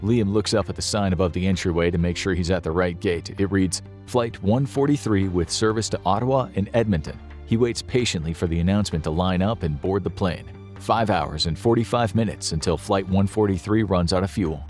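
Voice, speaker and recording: Narrator, male, very low voice, steady dramatic delivery, scripted. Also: brisk, faint music behind.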